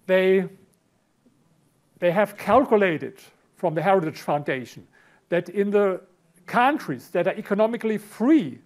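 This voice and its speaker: A middle-aged man from Berlin with a German accent, lecturing a conference audience, halting and repeating words, often clearing his throat. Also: high-pitched. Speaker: conference speaker. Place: conference hall.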